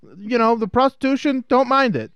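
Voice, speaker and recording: A man's voice: very high-pitched, brisk, fairly bright tone, smooth, no room sound, muffled recording. A man co-hosting a podcast, joking crudely and casually about a film, recorded close on a mic. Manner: joking, crude, mocks characters in silly voices. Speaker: podcast co-host. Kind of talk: casual movie-review chat.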